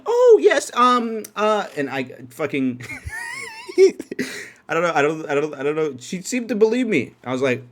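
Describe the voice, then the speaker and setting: Animated young man telling a story. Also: fairly high pitch, measured pace, long pauses, a little hiss or hum. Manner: animated, profane, laughing often. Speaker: podcast host. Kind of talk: casual storytelling. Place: his own dark room at home.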